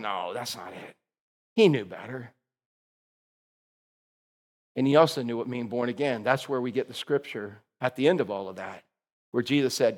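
A man preaching a sermon, telling the story in a lively, casual way with slang and acted-out voices. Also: a little high, moderate pace. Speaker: pastor.

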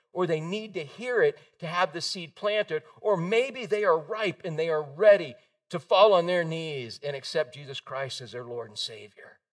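A man preaching a sermon, telling stories with animated energy and acting out the voices of the people in them. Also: on the high side, distant mic. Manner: animated storytelling, acts out quoted voices. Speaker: pastor.

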